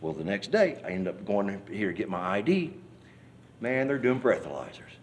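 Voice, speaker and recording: A man's voice: on the low side, moderate pace, a little hiss or hum. Man telling a folksy testimony. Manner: animated storyteller, acts out scenes and hollers quoted cries; folksy, rambling speech with many restarts. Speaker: church member giving testimony. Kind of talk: personal testimony told in an interview.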